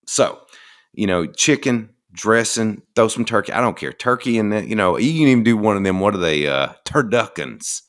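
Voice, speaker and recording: A man's voice: lowish voice, lively intonation, moderate pace. A middle-aged man with a Southern American accent, talking in a folksy, rambling and enthusiastic way as a podcast host. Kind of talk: casual monologue.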